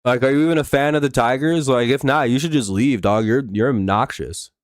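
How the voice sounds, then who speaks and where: A young livestream host runs a live baseball watch-along, mixing casual chat with heavily profane, exasperated rants aimed at negative chatters. He speaks briskly in a mid-range voice. The recording is dry, with clean studio sound.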